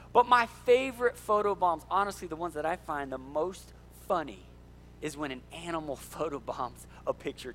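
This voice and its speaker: A middle-aged male pastor, preaching an animated sermon in a church and joking with the congregation. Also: sits high. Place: church sanctuary.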